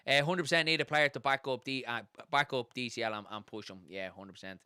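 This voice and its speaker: An Irish man hosting a live football watchalong, chatting casually and reading out viewer comments at a fast, excited clip. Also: medium pitch, clear, resonant tone, no room sound, studio quality. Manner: fast-talking, gets excited and carried away. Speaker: host of a football watchalong stream.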